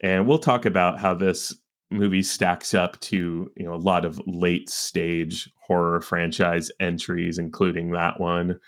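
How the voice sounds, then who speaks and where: Deep-voiced joking podcast co-host. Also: male voice, level tone. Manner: joking, playful, quick to laugh. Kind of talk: casual chat.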